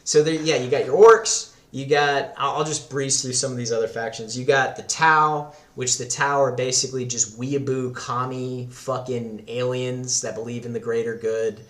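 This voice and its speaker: A man's voice: medium pitch, steady tone, normal speed, few pauses, fairly bright tone. Man, podcast guest, casual chat, swearing and laughing, roomy echo. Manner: profane, rambling, laughs often.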